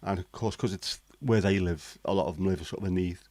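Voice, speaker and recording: A man's voice: low-pitched, a little fast, warm tone, no room sound. A man chatting casually on a livestream, blunt, sweary and cynical. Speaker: livestream host. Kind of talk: casual chat.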